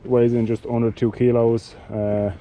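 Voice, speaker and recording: A man giving a casual product demonstration of cycling gear, talking in a halting way with many fillers and restarts. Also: medium pitch, level tone, dark tone, a little hiss or hum, low-quality recording.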